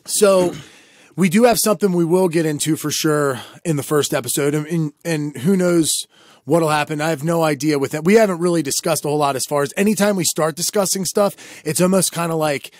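A man co-hosting a casual podcast, telling rambling, animated stories with lots of restarts. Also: fairly high pitch, brisk, no room sound, studio quality. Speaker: podcast co-host. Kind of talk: casual chat.

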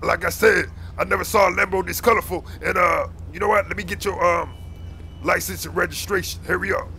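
A man's voice: sits high, fairly even intonation, brisk, a little hiss or hum. A man playing a bossy, bumbling young street cop who blusters, barks orders and fumbles through paperwork. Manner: blustering, yells shut up, fumbles and mutters.

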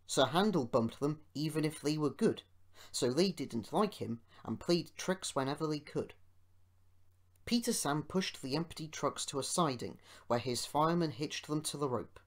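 A man reading a children's storybook aloud as an amateur audiobook narrator, in a measured way. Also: fairly high pitch. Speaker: podcast host reading an audiobook.

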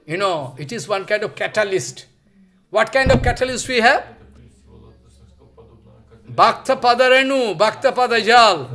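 A man giving a devotional sermon in English, telling stories emphatically and acting out the voices in them, with many "you know" fillers. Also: high-pitched. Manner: emphatic storytelling, acting out quoted voices with sudden shouts; frequent "you know" fillers, non-native English phrasing. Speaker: spiritual teacher giving a discourse.

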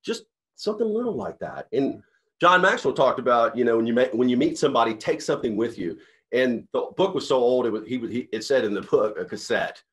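A man's voice: medium pitch, brisk, fairly bright tone. Man in a mid-range voice, CEO type, earnest and rambling, restarts his sentences while telling stories. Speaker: company CEO. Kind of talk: motivational talk to sales reps.

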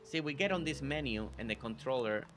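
His medium-pitched voice is expressive, brisk, and fairly bright as he plays a game live with faint music in the background. The host has a slight non-native English accent and keeps an upbeat chat going, calling out viewers by name.

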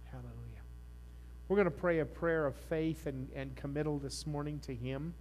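A man preaching a sermon as pastor, rising to fervent peaks and dropping to a quiet appeal. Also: fairly high pitch, steady tone, moderate pace. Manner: impassioned preaching that rises and falls, then softens into a quiet altar call. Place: church sanctuary.

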